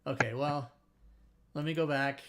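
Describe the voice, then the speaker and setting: Animated man telling a profane story. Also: fairly high pitch, unhurried, a little hiss or hum. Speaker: host. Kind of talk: casual livestream storytelling.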